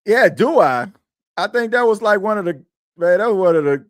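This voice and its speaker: A man's voice: sits high, expressive, normal speed, no echo, studio quality. A man hosting a sports podcast in casual chat, rambling and slangy, repeating himself as he talks.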